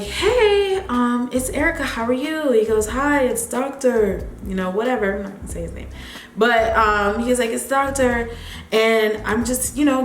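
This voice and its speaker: A young woman chatting casually while doing her makeup, retelling a story and acting out the people in it with lively repeated phrases. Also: roomy sound, a little hiss or hum. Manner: animated, acts out quotes with big pitch jumps, repeats phrases. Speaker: beauty vlogger. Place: home, near a running refrigerator.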